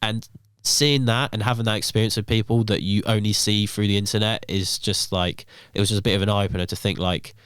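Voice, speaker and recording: A man's voice: fairly low pitch, steady tone, a little fast, fairly bright tone, clean tone, no echo, studio quality. A young man telling stories on a podcast as the guest, with lots of fillers like "um" and "like". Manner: rambling, filler-heavy storytelling. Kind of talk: casual podcast chat.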